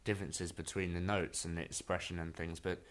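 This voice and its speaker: A man's voice: deep voice, level tone, brisk. A man co-hosting an interview, practical in tone, steering the talk and reading out listener questions. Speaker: podcast co-host.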